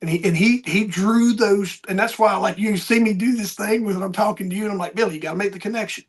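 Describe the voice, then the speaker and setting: Male podcast host, high husky voice, animated storyteller. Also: quick pace. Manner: animated storyteller, acts out quoted people. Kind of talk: casual conversation.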